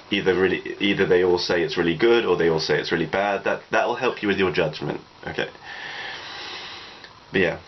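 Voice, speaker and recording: A man, talking through personal advice in a reflective, rambling way, leaning on "you know" a lot. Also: low voice. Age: 20s. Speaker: vlogger. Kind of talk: casual advice monologue. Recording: dull lo-fi recording with faint noise.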